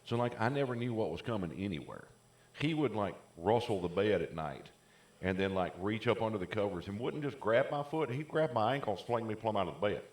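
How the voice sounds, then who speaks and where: A man's voice: on the low side, lively intonation, brisk, a little mellow, reverberant. A man co-hosting a casual chat podcast, telling long rambling stories full of "like" fillers. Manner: rambling storyteller, many "like" fillers. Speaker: podcast co-host.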